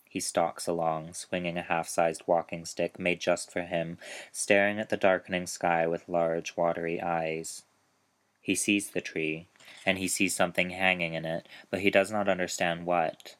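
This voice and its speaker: A man reading his own dark short story aloud in a slow, measured storytelling manner. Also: sits low, flat delivery.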